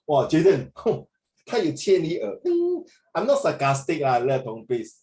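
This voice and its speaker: A man's voice: fairly high pitch, animated, a little slow, warm tone. A man with a Singaporean accent, tutoring a class over a video call, chatty and mixing in Mandarin. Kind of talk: online class feedback. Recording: echoey room.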